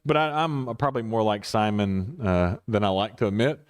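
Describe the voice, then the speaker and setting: A man's voice: fairly low pitch, moderate pace. Give me a man pastor talking through scripture casually, restarting sentences and chuckling. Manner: rambling, self-correcting, chuckling asides. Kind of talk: conversational Bible study.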